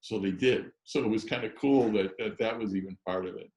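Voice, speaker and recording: A man's voice: on the low side, brisk, darkish tone, reverberant, rough recording. A man telling stories as a guest on a chat show, rambling with many restarts and fillers. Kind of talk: casual storytelling chat.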